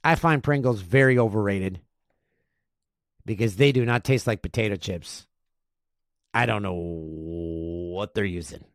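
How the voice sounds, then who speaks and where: A man's voice: fairly low pitch, dry recording, studio quality. A man hosting a casual podcast, reading listener emails and joking between them. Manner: animated, jokey, reads emails aloud with quick asides. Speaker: podcast host.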